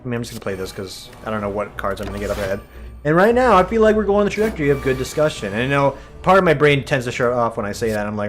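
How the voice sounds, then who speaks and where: A young man with a medium-pitched voice talks in rapid bursts over soft background music. He's a streamer and let's-play host giving rambling, jokey, animated commentary as he plays a game, chatting away and acting out what his friends say.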